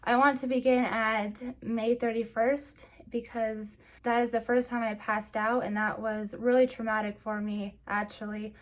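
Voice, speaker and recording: A young woman vlogger, teary, telling a personal story in a halting way with many restarts. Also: a little high, flat delivery.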